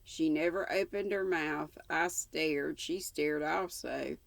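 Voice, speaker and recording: An older woman reading a classic novel aloud, unhurried, with casual asides now and then. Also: sits low, gravelly, dry recording. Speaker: audiobook reader.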